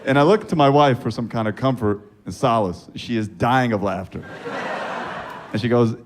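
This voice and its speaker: A man doing profane stand-up comedy storytelling, with a deadpan delivery and sudden squeaky high-pitched punchlines. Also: normal speed. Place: comedy club stage with laughing audience. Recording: live club recording with audience noise.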